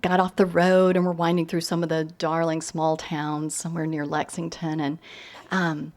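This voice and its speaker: Southern lady novelist telling funny stories at a reading, lowish voice, lots of ums. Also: little pitch movement, normal speed. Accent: Southern American. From East Tennessee. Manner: chatty, self-deprecating, with frequent fillers and laughs. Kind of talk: humorous storytelling talk.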